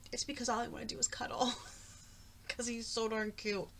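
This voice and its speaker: A woman's voice: on the high side, flat delivery, moderate pace, vocal fry, noisy background. A middle-aged woman talking casually at home, chatty and rambling, drifting off on tangents. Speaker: craft vlogger. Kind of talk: casual chat.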